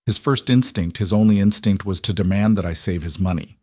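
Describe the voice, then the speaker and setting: A man narrating a scripted first-person drama story in a steady, dramatic way. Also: on the low side, moderate pace, few pauses, no room sound, studio quality.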